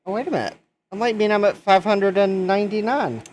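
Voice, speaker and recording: A man's voice: high-pitched, a little fast, background noise. A man hosting a casual livestream from his workshop, chatting, joking and reading out messages from viewers. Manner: chatty, jokey, reads chat messages aloud. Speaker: livestream host.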